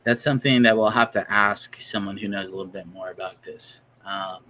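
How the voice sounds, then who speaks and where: Bright-voiced man rambling in casual chat. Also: lowish voice, steady tone, brisk, poor audio. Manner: rambling, lots of fillers and jokes. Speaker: podcast co-host.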